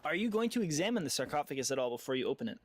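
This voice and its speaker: A man running a tabletop game as dungeon master over voice chat, joking and quick with asides before settling into narration. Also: on the high side, sing-song, slight background noise. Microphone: headset or desk mic on voice call.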